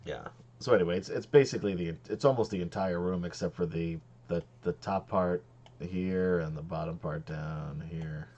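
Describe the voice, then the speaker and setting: A man acting as game master, talking casually in a halting way with many restarts. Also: sits low, darkish tone, lo-fi sound. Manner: halting, lots of ums and restarts. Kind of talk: running a tabletop game, casual.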